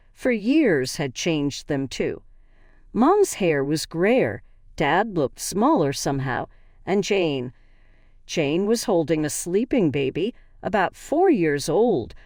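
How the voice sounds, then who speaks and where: A woman tells a dramatic family story in the first person, and her fairly low voice rises and falls a great deal. The recording is dry and close, with no room sound around her. Her delivery leans into the emotion of each scene. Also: a little mellow, dry recording. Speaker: narrator.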